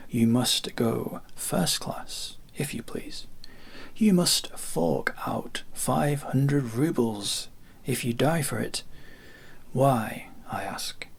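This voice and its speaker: A man's voice: medium pitch, gravelly, slightly rough, heavily acted. A man voicing a sick, ironic passenger who mocks and boasts. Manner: mocking, sardonic.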